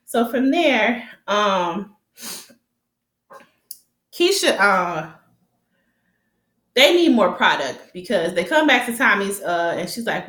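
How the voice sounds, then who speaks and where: A woman recaps a TV drama in a loose, chatty way, swearing freely and laughing along as she goes. Her voice sits at a middling pitch. The room around her adds a noticeable echo. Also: takes it slowly, pauses often. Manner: animated, profane, laughs often. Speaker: TV recap vlogger. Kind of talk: casual episode recap.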